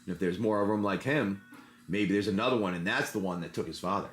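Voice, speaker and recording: A man's voice: lowish voice, quick pace. Chatty man hosting a card-pack livestream. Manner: rambling, chatty, talks while handling cards. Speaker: livestream host opening card packs. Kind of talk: casual livestream chat and improvised story narration.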